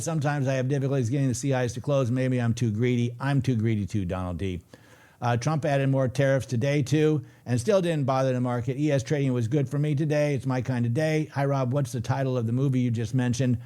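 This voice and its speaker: A middle-aged man talks through a live trading stream in a chatty, joking way, reading viewer comments aloud as he goes. His voice sits at an ordinary pitch for a man. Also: fairly quick, dark tone. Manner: chatty, jokey, reads chat aloud. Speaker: trading show host. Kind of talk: casual live-stream chat.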